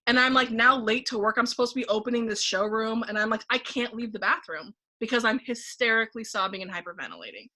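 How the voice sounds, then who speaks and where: A woman guest on a relaxed conversational podcast, with a bright, forceful voice pitched a little high. She tells her story with lively energy, replays her inner thoughts aloud and leans often on "like". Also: fast, hardly any pauses. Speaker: podcast guest, painting facilitator.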